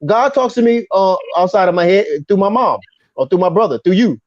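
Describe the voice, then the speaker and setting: A man in a heated casual debate, animated and insistent, repeating words when pressed. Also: high-pitched, a little fast, no echo, lo-fi sound. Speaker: discussion participant.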